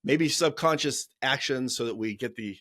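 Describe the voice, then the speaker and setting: A middle-aged man hosts a podcast in a relaxed, casual way, with a voice of ordinary male pitch. He puts questions to his guest and chimes in with short agreements. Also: normal speed. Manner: easygoing, asks questions and adds brief agreement. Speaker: podcast host. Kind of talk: casual interview chat.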